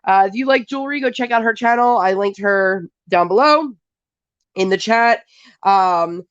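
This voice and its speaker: A woman's voice: mid-range voice, moderate pace, smooth, dry recording, muffled recording. A woman with a cold, sniffly, hosting a casual live stream from home and chatting and greeting viewers one by one.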